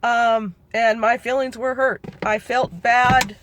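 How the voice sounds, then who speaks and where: A woman's voice: a little high, steady tone, takes it slowly, fairly bright tone. A middle-aged woman telling a personal family memory in a rambling, conversational way that keeps correcting itself. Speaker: family storyteller. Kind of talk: personal oral-history recollection.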